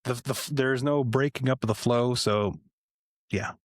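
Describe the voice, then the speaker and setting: A man's voice: medium pitch, a little slow, no room sound, studio quality. A man co-hosting a podcast, casually recapping the week's matches with chatty asides. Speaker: podcast co-host.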